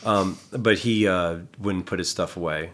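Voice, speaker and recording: A personal trainer who works gym staff chats casually on a podcast, blunt and freely swearing while acting out the people in his stories. He has a lowish voice and speaks a little slowly.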